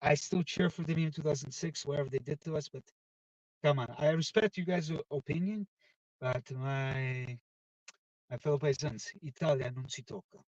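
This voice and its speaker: Animated man hosting a football livestream. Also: fairly high pitch, normal speed, dry recording, recorded from a distance, highs cut off. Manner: animated, switches between English and Italian, reads chat aloud. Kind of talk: casual live-stream chat.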